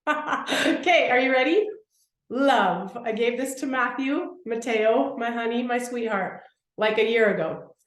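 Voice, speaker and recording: A woman's voice: fairly high pitch, slow pace, echoey room. A woman in her thirties or forties leading a live workshop, talking eagerly and emphatically to the group and repeating phrases for effect. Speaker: workshop speaker.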